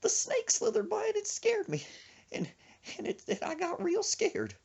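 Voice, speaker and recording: A man voicing his timid, panicky teenage friend in a shrill, sobbing falsetto. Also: wildly swooping pitch, moderate pace, creaky, darkish tone, heavily acted. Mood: panicky whining. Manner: frantic, whiny, sobbing.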